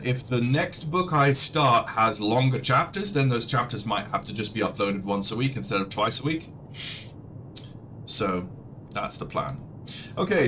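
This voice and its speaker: A man's voice: on the low side, pushed and bright, slight background noise. A man casually commentating his flight-sim livestream, chatty and rambling, often restarting his sentences. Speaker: livestreamer and audiobook narrator.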